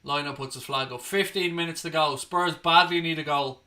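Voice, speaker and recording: Talking nonstop over the play, this young Irish watchalong host calls the game live and chats, swearing freely and erupting at poor decisions. His tone stays steady, and his somewhat high voice comes across bright and forceful.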